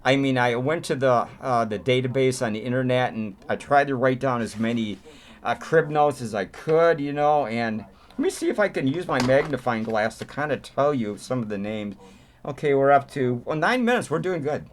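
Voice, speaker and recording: A man's voice: mid-range voice, normal speed. A man in the middle of his range rambles through a casual movie review at home, full of fillers and restarts. He talks with eager, easygoing enthusiasm, dropping "man" at the ends of his sentences. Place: home room.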